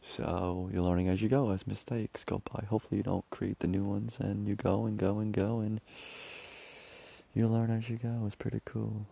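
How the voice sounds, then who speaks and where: Deep gravelly man rambling casually. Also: little pitch movement, moderate pace, mellow. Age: 30s. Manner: rambling storytelling, quoting others. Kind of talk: casual monologue.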